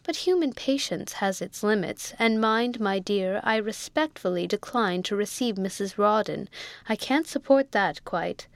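A woman's voice: medium pitch, expressive, a little slow, no echo. A woman voicing a peevish, imperious rich old spinster aunt who speaks with scorn, in a storybook reading. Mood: haughty.

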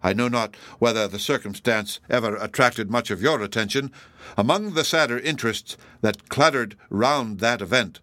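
A man's voice: medium pitch, sharp tone, no echo, lightly acted. A man doing a pompous old judge. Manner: pompous, deliberate and formal. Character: smug, self-assured elderly male judge, pompous and formidable.

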